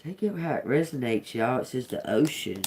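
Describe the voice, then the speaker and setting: A woman's voice: a bass voice, lively intonation, normal speed, darkish tone, slight background noise. A woman doing a live-streamed tarot reading, sounding out single words as she muses on them, then breaking into chatty, profane asides with laughter. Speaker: tarot reader.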